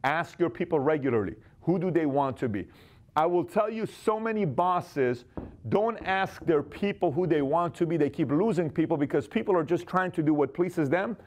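A man in his forties giving an energetic motivational business talk, acting out quick snatches of dialogue. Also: on the high side. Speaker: business speaker.

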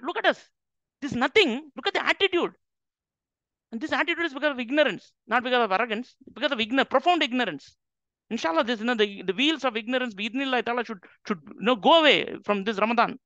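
Man, gravelly, bright tone, emphatic lecture, dull dry recording. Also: very high voice, dry recording. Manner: emphatic, addresses audience with rhetorical questions. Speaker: Islamic teacher. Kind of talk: lecture on the Quran.

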